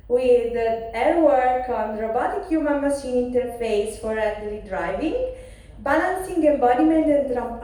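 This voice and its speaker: A woman presenting a conference award in a formal, measured way, reading out paper titles and author names. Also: a little high, warm tone. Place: large conference hall. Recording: echoey hall from far off.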